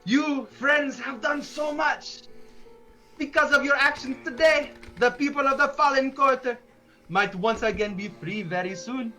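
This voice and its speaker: A man voicing Panda, an excitable male panda creature who shouts with joy, in a tabletop game. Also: very high voice, a little slow, soft background music, pitched above the performer's own voice, full character voice, poor audio. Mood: overjoyed. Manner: loud, overjoyed, shouting.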